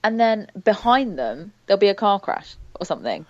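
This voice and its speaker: A woman's voice: medium pitch, sing-song, moderate pace, darkish tone, dry recording. A woman talking as a guest TV critic in a casual chat, wry and chatty, with a few fillers. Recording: dull lo-fi sound.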